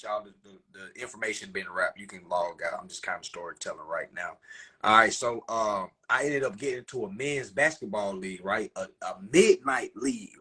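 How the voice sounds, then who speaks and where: A young Southern man from South Carolina telling a profane, animated story to his livestream viewers. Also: medium pitch, slightly rough. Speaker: livestream host. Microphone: phone.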